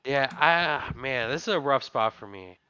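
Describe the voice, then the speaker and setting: A man co-hosting a podcast, chatting casually and thinking out loud about an episode. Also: mid-range voice, expressive, a little slow, clear, resonant tone, dry recording, dull audio. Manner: chatty, musing, thinks aloud. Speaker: podcast co-host. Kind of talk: casual chat.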